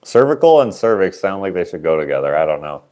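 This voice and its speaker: A man with a somewhat low voice sells his handmade sculptures in a relaxed livestream auction. He rambles, trails off into fillers and makes fun of himself. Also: fast. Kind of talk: casual livestream auction chat.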